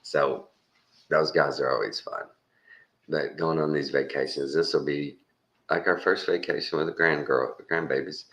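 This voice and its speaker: A man's voice: very deep voice, steady tone, moderate pace, fairly bright tone, highs cut off. A Texan man in his fifties telling a rambling, folksy story with frequent chuckles. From Texas. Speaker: vlogger. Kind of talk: casual storytelling.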